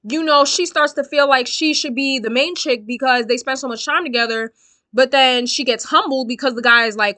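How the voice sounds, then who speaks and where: A woman's voice: high voice, normal speed, pushed and bright, dry recording. A young woman giving blunt, sassy, swear-filled casual commentary on a reality dating show.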